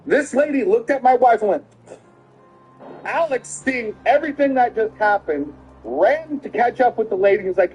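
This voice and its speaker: A middle-aged father telling a story casually, animated and laughing often, acting out the quotes. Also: high voice, normal speed, lo-fi sound, soft background music.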